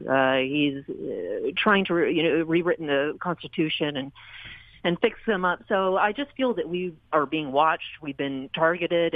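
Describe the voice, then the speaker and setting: Female radio caller, low voice, hesitant, tinny phone line. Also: no room sound. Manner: hesitant, with nervous laughs. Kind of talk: phone call to a radio show.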